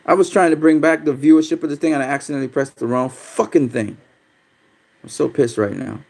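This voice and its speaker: A man's voice: a little high, fairly quick, vocal fry, darkish tone. A man hosting a casual livestream, talking bluntly with lots of swearing and getting easily frustrated as he reads viewer comments. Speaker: livestream host. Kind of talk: casual livestream chat about boxing, reading viewer comments.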